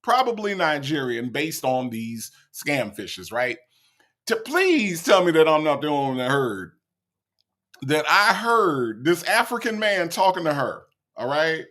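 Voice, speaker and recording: A man's voice: fairly high pitch, unhurried. A man hosting a casual reaction commentary, talking straight to his viewers and laughing often. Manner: animated, addresses viewers directly, laughs often. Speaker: commentary host.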